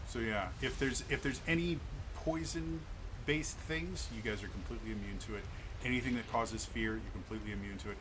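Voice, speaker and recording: Game master, male, halting delivery with frequent stammers, clear background hiss. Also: mid-range voice. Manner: halting, many repeated words and stammers. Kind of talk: narrating a tabletop game. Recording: noisy home mic.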